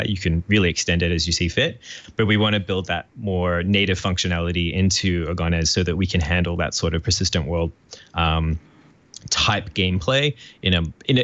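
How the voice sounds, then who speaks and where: An Australian man, a podcast guest, explaining software eagerly with lots of fillers. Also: low voice, no echo, highs cut off. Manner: enthusiastic, many fillers, quotes imagined requests.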